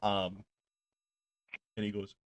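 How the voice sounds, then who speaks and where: A man's voice: fairly low pitch, monotone, slow, slight background noise. A man running a tabletop game as game master, narrating loosely with fillers and frequent laughter.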